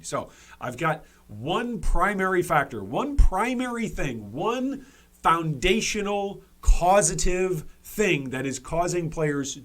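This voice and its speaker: A man's voice: mid-range voice, a bit bright. Emphatic man hosting gaming commentary. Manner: emphatic, repeats points for stress; frequent restarts and fillers. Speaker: gaming video host. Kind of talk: opinion commentary video.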